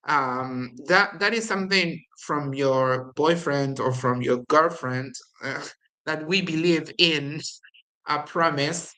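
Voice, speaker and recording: A woman with an Argentine Spanish accent teaching English grammar, slowly explaining and repeating example sentences with exaggerated intonation. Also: deep voice, sharp tone, low-quality recording. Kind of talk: recorded language lesson.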